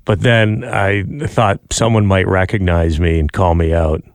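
A man's voice: low-pitched, measured pace, no echo. A man in his thirties co-hosting a casual studio podcast, laughing often and teasing himself. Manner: laughs often, animated and self-mocking. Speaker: podcast co-host. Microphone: studio microphone.

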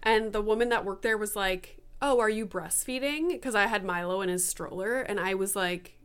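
A woman's voice: mid-range voice, flat delivery, normal speed, fairly bright tone, clean tone. A woman in her late thirties hosting a solo podcast, talking frankly and bluntly to listeners and swearing casually. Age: 30s. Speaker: podcast host.

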